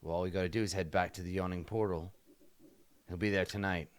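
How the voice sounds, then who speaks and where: A man voicing a gruff union-minded thug. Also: deep voice, steady tone, quick pace, pitched below the performer's own voice, close to an everyday voice. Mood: lecturing. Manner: blunt, touchy, lecturing about labor. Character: gruff male thug, pro-union, ungrammatical. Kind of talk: tabletop game character voice.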